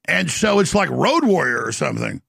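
A middle-aged man with a gravelly voice hosting a talk show, delivering an intense, boastful monologue. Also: fairly high pitch, big pitch swings, fairly quick, a bit bright, no echo, studio quality. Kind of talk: ranting monologue.

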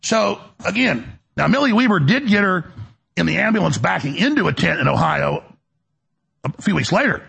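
A middle-aged man with a gravelly, raspy voice, hosting a heated, digressive political monologue. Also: sits high, very animated, normal speed, a bit bright. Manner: angry ranting, digressive, voice swings up when worked up. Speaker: talk show host.

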